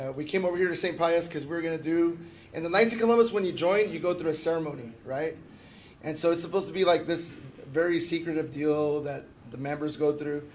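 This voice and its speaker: Man, slightly higher voice, relaxed memorial tribute, jokey stories, sincere close. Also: slight background noise. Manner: casual, joking anecdotes, warm tribute, often asking "right?". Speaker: fraternal organization member giving a memorial tribute. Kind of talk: personal memorial remarks. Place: memorial gathering at a funeral home.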